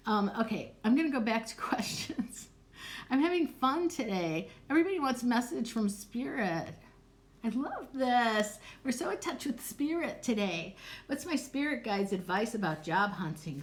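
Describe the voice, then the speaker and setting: A woman's voice: fairly high pitch, expressive, moderate pace. Chatty, foul-mouthed middle-aged woman. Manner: chatty, candid, swears casually, laughs often. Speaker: psychic and clarity coach. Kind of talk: live-stream Q&A chat.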